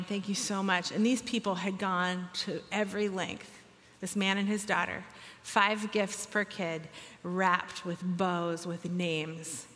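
A woman tells a story to an audience in a lively way, putting on the voices of the people in it. She is emotional and near tears at the moving parts. Her voice carries the long reverb of a large hall. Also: mid-range voice. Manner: emotional, tearful at moving moments.

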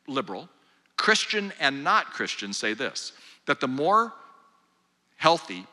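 Older male speaker, bright voice, casual joking delivery to a live room, long hall reverb. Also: on the high side. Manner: conversational and joking, engages the audience directly. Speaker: speaker at a mothers' group. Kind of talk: live talk to an audience. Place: large hall with live audience.

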